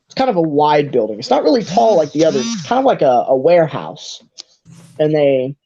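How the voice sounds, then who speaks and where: A game master narrating a tabletop game in a halting way, full of fillers and restarts. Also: medium pitch, big pitch swings, dark tone, highs cut off. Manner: hesitant, many fillers and restarts.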